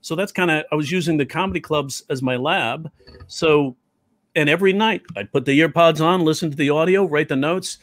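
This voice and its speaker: A man who teaches comedy telling stories in an interview, animated and slipping into quoted voices. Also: a little high, brisk, dry recording. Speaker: comedy teacher and stand-up comic. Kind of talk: storytelling interview talk.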